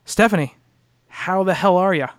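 A man's voice: high voice, moderate pace, fairly bright tone, dry recording, clean studio sound. Upbeat man hosting a podcast. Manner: upbeat, jokey host. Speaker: podcast host. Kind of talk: casual chat.

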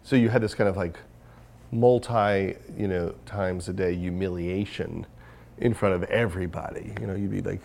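A man's voice: deep voice, fairly even intonation, moderate pace, gravelly, a little mellow. A man talking candidly in an interview as the guest, rambling with many fillers and restarts. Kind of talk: casual interview conversation.

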